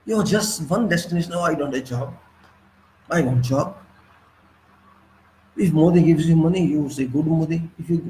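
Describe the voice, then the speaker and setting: A man's voice: sits high, a little mellow, a little hiss or hum, rough recording. Fiery older Indian English man. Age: 60s. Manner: fiery, hammering rhetorical questions. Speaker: political commentator. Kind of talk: impassioned political monologue.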